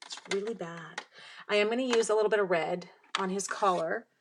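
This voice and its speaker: A woman's voice: mid-range voice, brisk, noisy background. A young woman from Canada chatting casually as she demonstrates card making, rambling and reading viewer comments aloud, with a recurring cough. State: bouts of coughing. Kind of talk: casual live craft stream.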